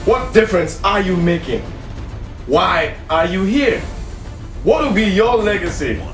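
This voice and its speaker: A male host with a high, very lively voice signs off to his viewers, firing off rhetorical questions. He sounds echoey and set back from the mic, with faint music behind him. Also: recorded from a distance. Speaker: show host. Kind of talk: closing address to viewers.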